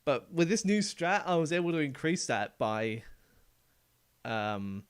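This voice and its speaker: A man's voice: on the high side, big pitch swings, a little slow, clean tone, no echo. A man streaming a video game live, chatting casually as he plays. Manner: casual, chatty, trails off quietly. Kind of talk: live gaming stream commentary.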